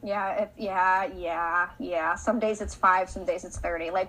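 A woman's voice: mid-range voice, measured pace, few pauses, poor audio. A woman in her thirties, a podcast guest chatting casually and animatedly, acting out conversations as she tells stories. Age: 30s. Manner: animated storyteller, acts out conversations.

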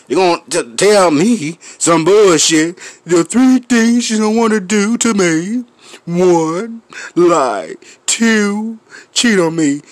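A man with a Memphis accent vents to his viewers in a high, lively voice that swings up and down. He takes his time, laughing and clearing his throat while he smokes. The sound is close and dry. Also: dry recording. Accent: Memphis Southern US. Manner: loud, profane, laughing between lines; smoking, clears throat often. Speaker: vlogger. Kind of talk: profane rant to camera.

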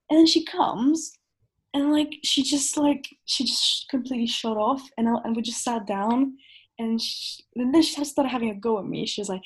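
A woman's voice: on the high side, brisk. A young woman on a podcast, telling a story in casual chat, acting out quotes and laughing often. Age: young adult. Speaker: podcast host.

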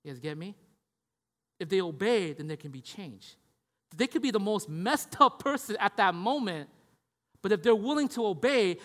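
A man preaching a conversational sermon, casual and repetitive, checking in with the listeners as he goes. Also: sits high. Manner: casual, repeats "right?" and "you guys get me?". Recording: long hall reverb.

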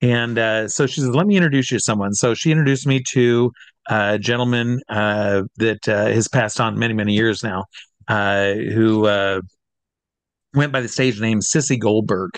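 A man's voice: fairly low pitch, fairly even intonation, unhurried, no echo. A man, a drag comedian and variety entertainer, tells his showbiz story in a casual interview. He rambles and hesitates before names, often tacking "and all" onto the end of his sentences.

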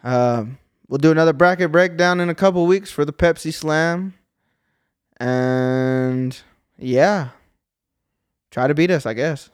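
A man's voice: on the high side, measured pace, long pauses, clear, resonant tone, no echo, studio quality. A man hosting a podcast in casual chat, brash and joking, swearing freely. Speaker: podcast host.

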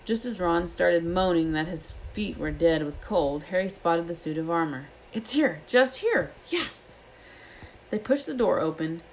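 A woman reading a novel aloud as an expressive storyteller. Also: fairly low pitch, normal speed, few pauses, a little hiss or hum, rough recording. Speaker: reader.

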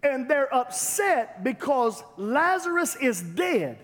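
Male preacher, high voice, rhythmic repeated phrases rising to emphatic peaks, long hall echo. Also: sing-song, slow pace, a bit bright. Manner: rhythmic repetition, builds to emphatic climaxes. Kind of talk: sermon.

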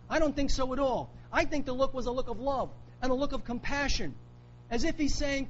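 A man's voice: extremely high pitch, a little fast, muffled recording, slight background noise. A man preaching a sermon, emphatic, repeating key phrases for weight. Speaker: pastor.

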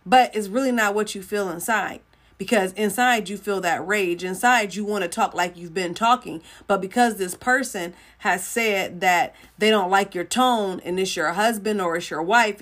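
Brief: woman host, live faith teaching, chatty, repeats lines for emphasis, slips into quick voices for little dialogues. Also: mid-range voice, fairly bright tone. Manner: conversational, repeats phrases for emphasis.

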